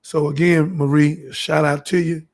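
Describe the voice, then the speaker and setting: A man's voice: a little high, level tone, unhurried, vocal fry. A man hosting his own show, delivering a fervent, preachy monologue and acting out the dialogue in his stories. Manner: fervent, storytelling, acts out dialogue. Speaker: show host.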